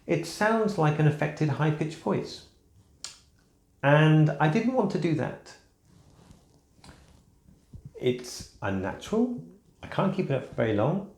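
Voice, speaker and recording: Soft-pitched man explaining in an echoey room. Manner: measured, explanatory, softly raised register. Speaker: vlogger. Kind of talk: casual explanatory vlog.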